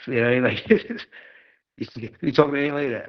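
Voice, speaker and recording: A man's voice: medium pitch, animated, takes it slowly, lo-fi sound. A man in a casual interview who rambles through stories, full of fillers. He laughs often as he talks. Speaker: interview guest, wrestler. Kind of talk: casual storytelling chat.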